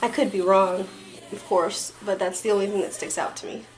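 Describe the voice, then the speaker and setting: Chatty and a bit rambling, a young adult vlogger from Florida works through a tag video, leaning on "like" and "um". Her mid-range voice keeps a steady tone at a fairly quick pace. Faint background music accompanies a low-quality recording.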